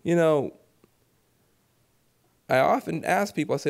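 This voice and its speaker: A man giving a lively public speech at a gala, animated and preacherly, acting out voices and repeating phrases for emphasis. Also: on the high side, normal speed, vocal fry, long pauses. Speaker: keynote speaker at an awards gala.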